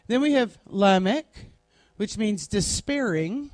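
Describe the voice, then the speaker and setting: A woman leads a Bible class at a slow, unhurried pace, setting out each word's meaning one at a time. Her voice is recorded close and dry, with almost no room sound. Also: medium pitch, expressive, darkish tone, dry recording. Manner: deliberate, spells out word meanings one by one. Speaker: Bible study teacher. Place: classroom, writing on a board.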